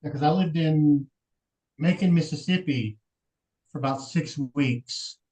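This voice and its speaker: A man's voice: on the high side, measured pace, mellow, rough recording. A man from Texas chatting casually as a livestream guest, easygoing and telling stories. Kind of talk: casual chat.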